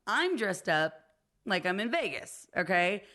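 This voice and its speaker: A woman's voice: mid-range voice, unhurried. A woman in her thirties co-hosting a podcast, telling stories in a casual chat and acting out the voices of the people in them. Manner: animated storyteller, acts out quoted voices, laughs often. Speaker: podcast co-host.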